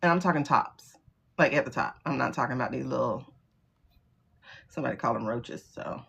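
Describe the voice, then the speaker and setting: A woman's voice: rumbling low, a little fast, vocal fry, a bit bright, breathy edge. A middle-aged woman hosting a tarot livestream, talking casually and bluntly, swearing and laughing often. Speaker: livestream host doing tarot readings.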